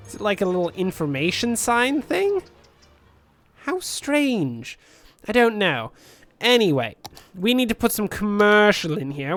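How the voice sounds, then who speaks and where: A man's voice: high voice, no echo. A man commentating a city-building game in a rambling, jokey storytelling manner. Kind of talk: let's play commentary.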